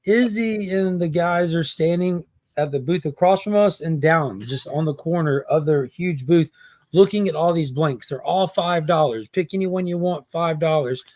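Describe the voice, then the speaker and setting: A man in casual livestream chat, telling a haggling story and acting out the quotes in an animated way. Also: fairly high pitch, moderate pace, no echo, studio quality. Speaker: comic collector guest.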